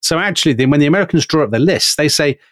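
A British man co-hosting a podcast, telling a history story in an animated way. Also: on the high side, rapid-fire, dry recording. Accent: British English. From Britain. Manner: animated, storytelling, quotes figures with emphasis. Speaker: podcast co-host.

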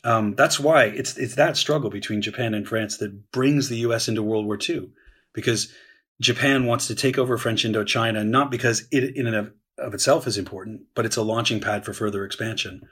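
Male historian guest, husky and low, talks it through with fillers. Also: brisk, a bit bright. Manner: explains at length with many restarts and fillers. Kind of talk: conversational podcast discussion.

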